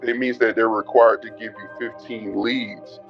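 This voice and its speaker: A man's voice: lowish voice, steady tone, normal speed, lo-fi sound, soft background music. A man telling his story in an interview, blunt and heated, swearing and calling the host bro. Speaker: interview guest, former student. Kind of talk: emotional interview on a call.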